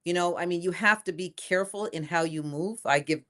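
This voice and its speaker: Older woman, low-pitched, lively, emphatic, repeats herself, interview guest. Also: brisk. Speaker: inventor and guest. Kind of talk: casual interview.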